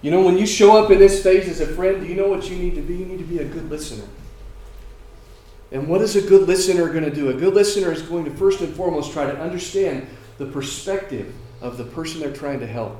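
A man preaching a sermon, moving between emphatic lines and quiet ones and asking rhetorical questions. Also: fairly high pitch, fast. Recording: echoey room with faint ambience.

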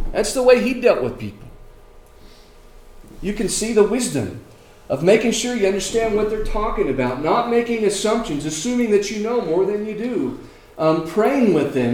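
A man preaching a sermon, moving between emphatic lines and quiet ones and asking rhetorical questions. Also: sits high. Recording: echoey room with faint ambience.

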